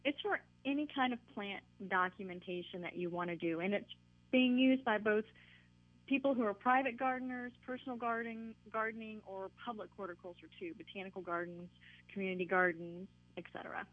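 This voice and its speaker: A woman's voice: mid-range voice, brisk. A woman guest explaining her work in an upbeat, explanatory way over the phone. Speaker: guest, website co-founder. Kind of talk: phone-in interview. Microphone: telephone. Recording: tinny phone line.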